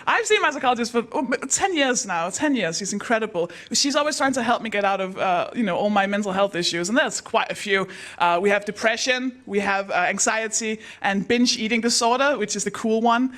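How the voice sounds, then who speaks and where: A woman hosting a live comedy night on stage, telling self-deprecating stories in a deadpan way. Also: mid-range voice, fairly quick, few pauses. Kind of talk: stand-up comedy.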